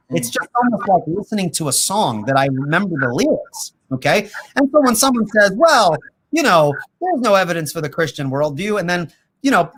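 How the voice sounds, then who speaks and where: Animated man answering viewer questions. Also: high-pitched, husky. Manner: animated, quick, laughs easily, many fillers. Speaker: host and apologetics teacher. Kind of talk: casual livestream interview.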